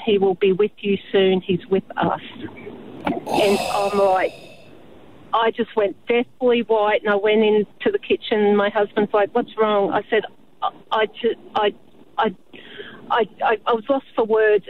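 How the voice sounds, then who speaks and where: Mother calling in over phone. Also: medium pitch. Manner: chatty, hesitant storyteller. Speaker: caller. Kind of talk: phone-in storytelling. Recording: tinny phone line with faint hiss.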